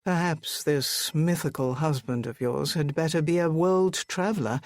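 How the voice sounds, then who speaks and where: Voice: medium pitch, moderate pace, darkish tone, no room sound, close to an everyday voice. An audiobook narrator voicing a reserved army major who speaks in a dry, clipped, wry way.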